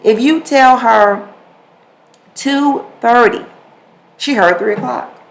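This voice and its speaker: On a rough recording, a woman with a slightly high voice slowly tells a household story on her podcast. She's casual and animated, repeats her words, and acts out both sides of the conversation.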